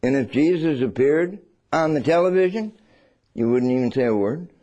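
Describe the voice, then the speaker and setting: Preacher delivering a dramatic sermon. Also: male voice, on the high side, animated, moderate pace, highs cut off. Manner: dramatic, swings between loud and hushed, acts out scenes.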